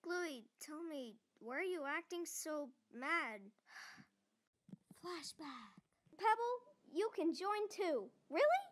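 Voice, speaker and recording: A woman who voices every character in an animated object show herself, jumping between shrill shouts and flat mumbled asides. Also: takes it slowly.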